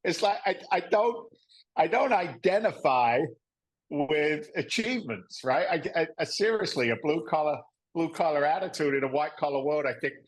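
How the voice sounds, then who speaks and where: A man in his fifties from England, with an English accent tinged by Boston, telling stories as a podcast guest in a lively, joking way. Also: on the high side, normal speed, poor audio. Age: 50s. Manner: lively, jokey, acts out voices. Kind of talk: animated interview storytelling.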